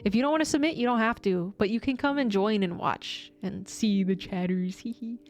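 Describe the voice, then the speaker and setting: A young woman streamer chatting casually with her viewers, bubbly and excitable, often giggling. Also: medium pitch, brisk. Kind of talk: casual live-stream chat.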